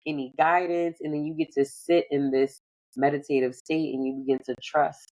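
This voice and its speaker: A low-pitched woman speaks as a podcast host in easy conversation. She muses aloud, circling her thoughts with casual fillers. Her tone stays thoughtful and unhurried. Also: little pitch movement, warm tone, low-quality recording. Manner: reflective, loose phrasing with frequent "like".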